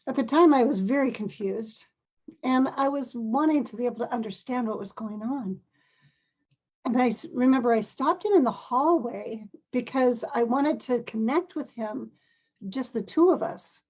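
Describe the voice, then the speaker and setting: An older woman, a parent and grandmother, telling a personal story in a gentle, earnest, measured way, now and then clearing her throat. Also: on the high side, lo-fi sound.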